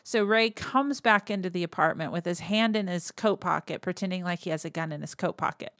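A woman hosting a podcast, casually retelling a movie's plot, laughing often and slipping into quick quoted lines. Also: on the low side, a bit bright, dry recording. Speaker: podcast host.

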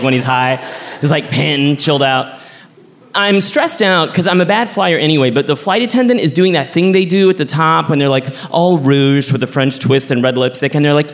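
Male stage storyteller from Texas, animated and chatty, slightly high voice, long theater reverb. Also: gravelly. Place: theater stage before a live audience.

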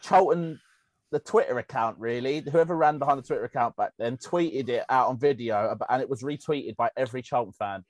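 Animated football podcast man. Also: mid-range voice, brisk, no echo. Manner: animated, laughing storyteller. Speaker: podcast co-host. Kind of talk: casual football chat.

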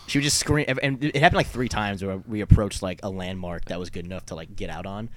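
A man's voice: sits low, fast talker, a bit bright. A young man casually telling a story, rambling with lots of fillers and swearing. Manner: rambling, many fillers and profanity. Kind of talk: casual chat.

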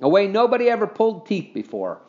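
A man's voice: high voice, huge pitch swings, quick pace, a little mellow, highs cut off, pitched above the performer's own voice. A man reading a storybook, voicing a young boy who is earnest and put-upon, in a raised, pleading voice.

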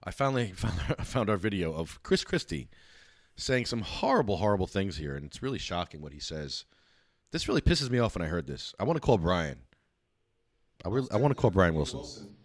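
A man's voice: low voice, sing-song, brisk, no room sound, studio quality. A man hosting a podcast, throwing in crude jokes and casual banter. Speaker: podcast host. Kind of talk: casual chat.

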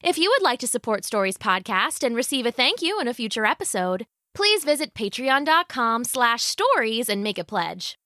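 A woman host reading a scripted podcast outro in a cheerful, lively way. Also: a little high, moderate pace, hardly any pauses, no room sound, studio quality.

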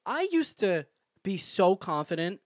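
A man's voice: sits high, sing-song, unhurried, no echo, studio quality. A man around thirty co-hosting a podcast, reflective and laid-back in casual chat. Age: 30s. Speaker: podcast co-host.

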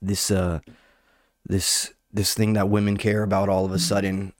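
Young man, low voice, sarcastic rant, profane, keeps saying dude, dry close sound. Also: completely flat delivery, normal speed, no room sound. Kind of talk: casual comedic rant.

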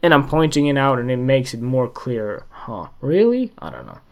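A man's voice: mid-range voice, huge pitch swings, normal speed, creaky. A man hosting a solo podcast, talking in a rambling, emphatic way, swearing often and putting questions straight to the listener. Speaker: podcast host.

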